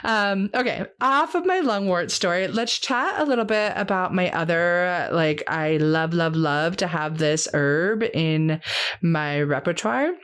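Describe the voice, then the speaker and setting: A woman's voice: fairly low pitch, a little slow, fairly bright tone, clean tone. A young adult woman hosting an herbal podcast, chatting casually and eagerly with lots of fillers. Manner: chatty, enthusiastic, many fillers.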